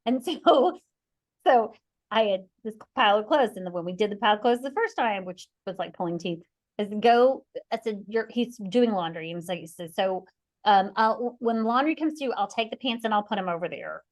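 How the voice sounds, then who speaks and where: Animated woman telling a family story. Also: medium pitch, normal speed. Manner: animated storyteller who acts out quoted voices; rambling, with frequent restarts and laughs. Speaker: podcast host. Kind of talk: conversational podcast storytelling.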